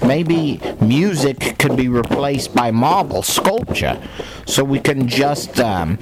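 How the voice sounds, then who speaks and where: A man delivering a mock-serious, rambling monologue of nonsense plans in a deadpan way. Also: medium pitch, background noise.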